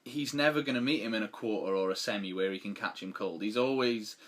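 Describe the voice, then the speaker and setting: A man's voice: on the low side, fast, a bit bright. A man co-hosting a casual sports chat podcast, talking in a rambling way with many restarts. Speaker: podcast co-host.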